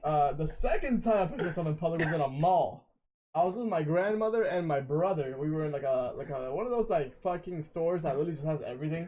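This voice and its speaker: A man's voice: a little high, expressive, fast talker, mellow, low-quality recording. A young man telling rambling stories on a casual late-night podcast, swearing often. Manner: rambling storyteller, swears a lot. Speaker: guest.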